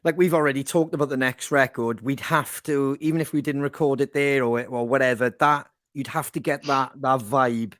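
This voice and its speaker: Animated, swearing man telling stories. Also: medium pitch, normal speed, hardly any pauses, dry recording, studio quality. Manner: swearing, animated storytelling with impressions. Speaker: band member co-hosting podcast. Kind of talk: casual chat.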